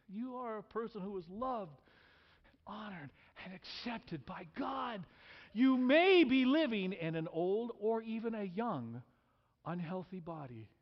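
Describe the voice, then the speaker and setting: A man in his sixties preaching an emphatic sermon in a church, his fairly high voice swinging widely from hushed lows to loud peaks. He leads the congregation in call-and-response. The recording is dull, with a long hall reverb behind him. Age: 60s. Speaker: pastor. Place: church sanctuary.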